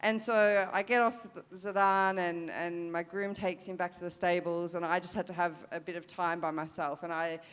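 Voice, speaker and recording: A woman's voice: lowish voice, steady tone, normal speed, hardly any pauses, clear, resonant tone. An Australian woman in her thirties, a para-dressage rider, candidly telling a story at a forum, with many fillers and restarts.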